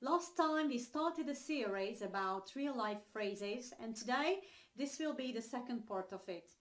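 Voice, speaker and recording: A woman's voice: on the high side, animated, measured pace, a bit bright. A young adult woman with a Hungarian accent teaches English phrases in a chatty online lesson, explaining each one with everyday examples and frequent ums and uhs.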